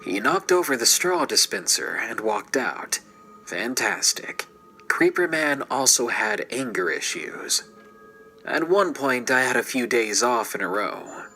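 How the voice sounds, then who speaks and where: A man's voice: mid-range voice, big pitch swings, unhurried, bright, forceful tone, soft background music, low-quality recording. A man narrating a true scary story in a scripted, dramatic way and dropping into whispers at tense moments.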